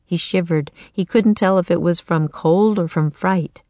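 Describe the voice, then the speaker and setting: A woman narrating a children's chapter book in a calm, even storytelling voice. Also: lowish voice, measured pace, dry recording. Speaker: audiobook narrator. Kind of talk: scripted narration.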